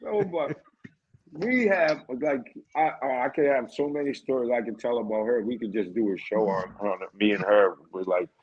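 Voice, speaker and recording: A man telling stories on a podcast as a guest in casual chat, lively and often asking "you know what I mean". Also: mid-range voice, normal speed, husky, muffled recording. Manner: animated, often acts out quoted voices.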